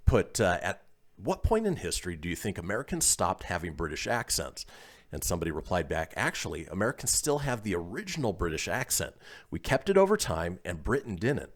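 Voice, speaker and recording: Male radio host, low voice with a lively swing, reads listener posts aloud and chuckles often. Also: a little fast. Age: adult, calls himself old. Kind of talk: casual radio chat.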